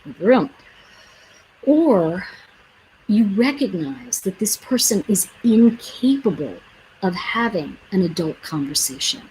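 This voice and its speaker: A woman's voice: mid-range voice, sing-song, a little slow, darkish tone, a little hiss or hum, rough recording. A woman host talking to her viewers in a casual, chatty way. She tells stories, acts out what people said and gives earnest advice. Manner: chatty, acts out quoted dialogue; earnest, advising. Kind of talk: casual livestream storytelling.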